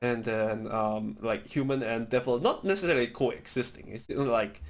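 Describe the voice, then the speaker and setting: A man's voice: mid-range voice, moderate pace. Podcast co-host, everyday male voice, loose filler-heavy chat. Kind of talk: casual chat.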